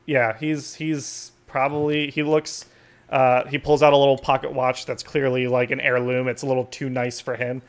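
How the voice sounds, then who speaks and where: A man's voice: medium pitch, little pitch movement, moderate pace. A man narrating a tabletop game as substitute game master, in a loose, rambling way full of fillers. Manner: casual, rambling, lots of fillers.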